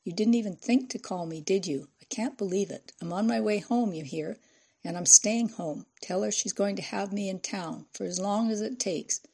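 A woman voicing a distraught middle-aged female journalist, blunt and angry on the phone, with a husky, gravelly voice. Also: medium pitch, moderate pace, mellow. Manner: frantic, angry outbursts on the phone.

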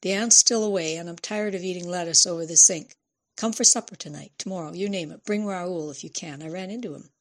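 A man's voice: high-pitched, fairly quick, a bit bright. A woman voicing a weary older male writer who talks in a blunt, offhand way, in a storybook reading.

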